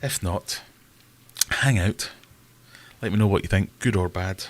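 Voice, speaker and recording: A man with a somewhat low voice hosts a relaxed live stream. He chats loosely, greets viewers by name and makes fun of himself. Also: a little slow. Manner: self-deprecating, chatty, greets viewers by name. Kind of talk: casual live-stream chat.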